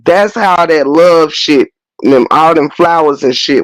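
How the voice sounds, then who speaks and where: Hosting a commentary stream, a man delivers an unscripted, blunt rant full of heavy slang, cursing, and mockery. His voice sits on the high side at a measured pace, in a low-quality recording with no room sound.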